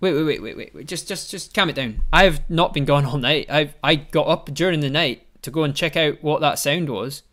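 A man's voice: a little high, moderate pace, few pauses, a bit bright, pitched above the performer's own voice, natural voice. A man voicing a confused, panicking adventurer who stammers and fires off questions. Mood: bewildered. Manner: frantic, stammering, repeated questions.

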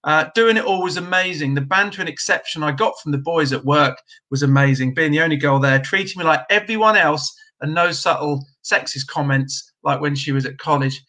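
A middle-aged man chats through viewer comments on a live stream. His voice is bright and a little high for a man. He talks bluntly and casually, with plenty of ums. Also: a little fast. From Britain. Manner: chatty, blunt, with frequent ums. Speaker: host of a trades live stream.

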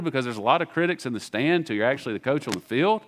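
Animated Southern pastor preaching. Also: male voice, mid-range voice, fast talker, few pauses. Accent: Southern American. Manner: animated, acts out biblical dialogue in casual voices. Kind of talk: sermon.

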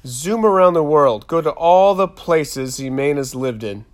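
A man voicing an excitable, teasing preteen girl at a sleepover in an audiobook. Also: unhurried. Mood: lively. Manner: raised pitch, louder, animated.

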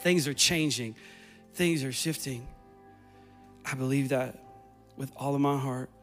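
This pastor's voice sits mid-range and sounds a bit bright, moving at a measured pace over soft background music. Preaching in a church sanctuary, he rises in intensity through repetition and urgency before leading the congregation in prayer.

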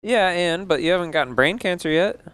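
A man's voice: high-pitched, lively intonation, a little fast, a bit bright, clear, resonant tone, dry recording, studio quality. A man in casual podcast chat, teasing his cohost and swearing freely.

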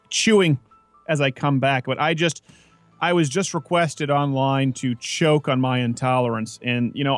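A man hosting a comedic political talk show, loud and sarcastic, sometimes shouting in mock voices. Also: mid-range voice, no echo. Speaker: podcast host.

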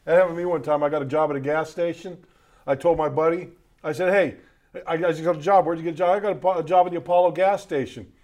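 A man hosting a sports talk show in a loose, halting way, with many fillers and restarts. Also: a little high, steady tone, a little mellow. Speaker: host.

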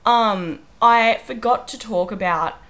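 A woman's voice: on the high side, slow, a bit bright. A young woman co-hosting a podcast, chatting casually and telling stories with giggles while sick with a wheezy voice. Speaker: podcast co-host. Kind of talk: casual chat.

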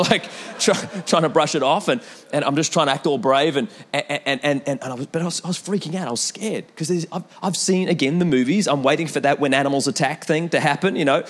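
A young man preaching a sermon in an animated way, with repeated calls to the congregation and storytelling asides. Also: on the high side. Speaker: pastor.

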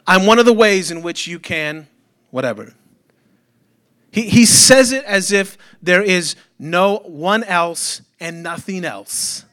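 A man delivers a Sunday sermon in a church with a high, bright voice. He preaches in a loose, conversational way, tossing rhetorical questions and light jokes to the congregation. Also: animated, takes it slowly. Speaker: pastor.

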